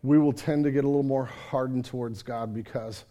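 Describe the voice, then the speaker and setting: A man's voice: medium pitch, steady tone, brisk, dark tone. A man preaching a sermon at a church service, talking conversationally, asking the congregation questions and acting out his own complaints to God. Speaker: pastor.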